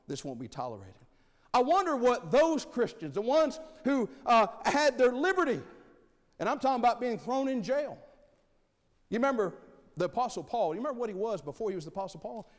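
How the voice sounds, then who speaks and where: A man preaching a sermon, asking rhetorical questions and swinging between loud and soft. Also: sits high, in a large hall.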